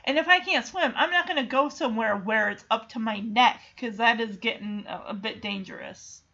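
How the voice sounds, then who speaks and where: A woman's voice: a little high, moderate pace, pushed and bright, dull audio. A woman in casual chat retelling a film, chatty and emotional with many fillers.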